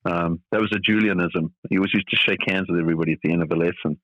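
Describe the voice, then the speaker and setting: A middle-aged man from South Africa speaks as a podcast guest in a very low voice. He talks in a thoughtful, rambling way, full of fillers. The sound is dull and dry. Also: steady tone, racing, a bit bright, dry recording. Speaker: tennis coach guest. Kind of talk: reflective podcast interview.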